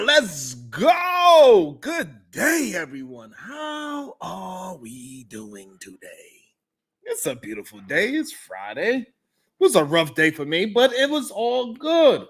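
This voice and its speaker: A man's voice: fairly high pitch, a bit bright. A man hosting a casual morning livestream, greeting viewers and laughing often. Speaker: morning show host.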